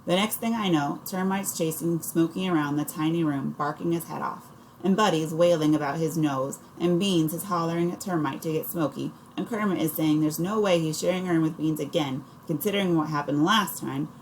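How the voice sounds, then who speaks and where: A woman narrates an audiobook in the first person, in a steady storytelling manner. Her voice is low and dark. A faint hiss sits under it. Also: fairly quick, low-quality recording. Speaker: audiobook reader.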